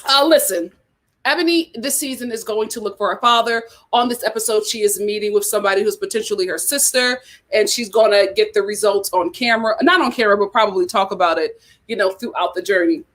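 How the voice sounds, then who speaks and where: A woman hosting a casual, animated chat about reality TV, laughing often. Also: mid-range voice, a little fast. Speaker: host.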